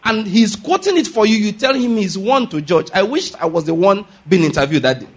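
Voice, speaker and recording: A male pastor preaching with a high-pitched, husky voice. He drives his points home by firing questions at the congregation and repeating key lines. The delivery is insistent and emphatic. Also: expressive, brisk. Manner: emphatic, drills points with call-and-response questions. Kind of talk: sermon.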